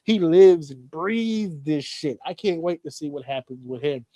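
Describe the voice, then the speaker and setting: A man co-hosting a podcast, telling a story in casual chat with lots of swearing and animated excitement. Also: on the high side, a little slow, dry recording. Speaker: podcast co-host.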